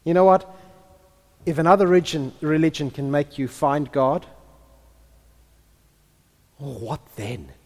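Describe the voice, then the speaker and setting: A man delivers a sermon in a church hall, his voice pitched high for a man. He swings between impassioned, near-shouted passages and quiet, hushed ones. A long reverb trails each phrase. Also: normal speed. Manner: builds to impassioned, near-shouted peaks, then drops to hushed tones. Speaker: pastor.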